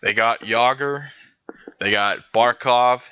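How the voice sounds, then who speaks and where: Male podcast co-host, excitable and profane, bright crisp voice, dry lo-fi call sound. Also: mid-range voice, slow, dry recording. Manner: excitable, swears freely. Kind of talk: casual hockey chat.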